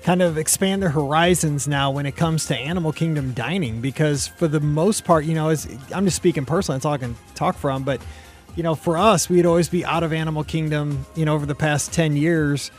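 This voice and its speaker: A man's voice: a little high, fairly quick, faint music behind. A man hosting a casual podcast chat, upbeat and joking, with rambling asides. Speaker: podcast host.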